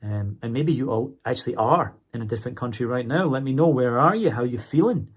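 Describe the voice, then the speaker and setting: A man's voice: medium pitch, expressive, a little fast, slightly rough. A man talking casually to his viewers in a vlog, chatty, often checking in with "okay?" and "right?". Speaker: vlogger and English teacher.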